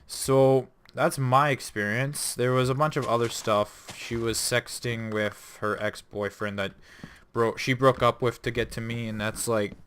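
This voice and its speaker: Young male gaming host, casual profane storyteller, smooth tone, mid pitch. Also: fairly even intonation, measured pace, fairly bright tone. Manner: rambling, profane, self-correcting. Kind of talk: casual storytelling over gameplay.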